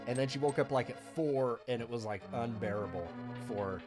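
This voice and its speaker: A man with a mid-range voice talks a little quickly while streaming a video game. He rambles through a long, casual story, laughing often and using plenty of fillers, with faint game music in the background.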